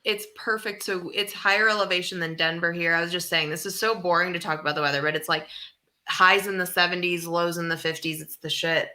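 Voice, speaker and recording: A woman's voice: fairly low pitch, steady tone, a little fast, sharp tone. A woman co-hosting a comedy podcast, chatting casually and wryly, rambling through stories over a remote call. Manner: wry, rambling storyteller. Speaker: podcast co-host. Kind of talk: casual chat. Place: home in Mexico City.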